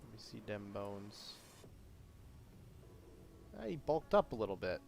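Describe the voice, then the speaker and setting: A man's voice: fairly low pitch, very animated, a little slow, vocal fry, noisy background. A man chatting casually to his viewers on a live stream, rambling and self-deprecating with a jokey manner.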